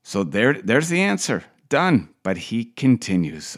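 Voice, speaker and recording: A middle-aged man hosting a podcast, delivering a wry, scripted comic monologue with deadpan asides. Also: low-pitched, moderate pace, hardly any pauses. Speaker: podcast host.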